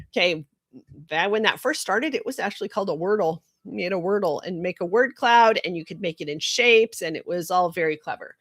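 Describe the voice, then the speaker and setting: A woman's voice: medium pitch, fairly bright tone, dry recording, clean studio sound. A middle-aged woman in a marketing role, talking casually and candidly with lots of asides. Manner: chatty and candid, with frequent asides and laughs. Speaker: marketing consultant. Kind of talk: casual monologue.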